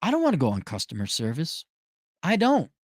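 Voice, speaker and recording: A man's voice: on the high side, huge pitch swings, brisk, dry recording, studio quality. A man ranting sarcastically and with exasperation as he reads out and mocks a viewer's letter in a commentary video. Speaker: commentary vlogger.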